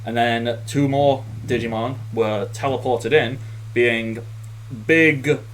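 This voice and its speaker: A man's voice: mid-range voice, fairly even intonation, takes it slowly, a little hiss or hum, low-quality recording. Chuckling game master man. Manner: laughs often, rambling with fillers. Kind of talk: casual recap of a tabletop game.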